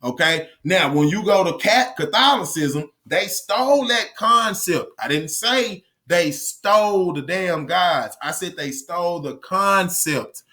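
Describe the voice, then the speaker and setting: A fairly high-voiced man delivers a profane opinion monologue straight to his audience. His tone is bright and forceful as he lectures bluntly and circles back to repeat his points for emphasis. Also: lively intonation, slow, few pauses. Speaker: commentary channel host.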